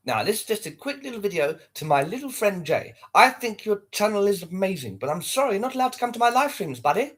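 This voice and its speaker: A man's voice: high-pitched, very animated, fast, hardly any pauses, fairly bright tone, husky. A man hosting a livestream, chatting casually and talking straight to his viewers. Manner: chatty, addresses viewers directly. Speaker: livestream host.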